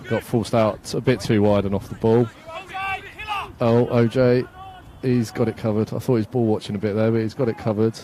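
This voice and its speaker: A man's voice: lowish voice, level tone, brisk, noisy background. A man from England giving casual, self-mocking live commentary at an outdoor football match, laughing often and reading out viewer comments.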